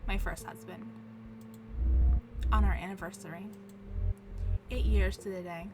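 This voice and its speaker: A woman's voice: mid-range voice, fairly even intonation, music in the background, natural voice. Woman voicing a stately vampire ghost lady. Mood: solemn. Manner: stately, measured, old-fashioned phrasing.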